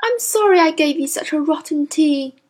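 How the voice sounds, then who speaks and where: A woman voicing a kind, timid young woman teacher who speaks softly and apologetically in a storybook reading. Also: sits high, expressive, moderate pace, pitched above the performer's own voice. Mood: gentle. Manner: soft, gentle, apologetic.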